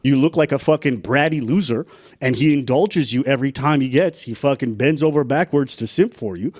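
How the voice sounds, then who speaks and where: A male streamer reacting to clips, talking bluntly and swearing freely. His voice sits in an ordinary middle pitch, and the close mic sounds dry, with no room echo. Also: a little fast. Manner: blunt, profane, animated. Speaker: streamer host. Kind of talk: casual reaction commentary.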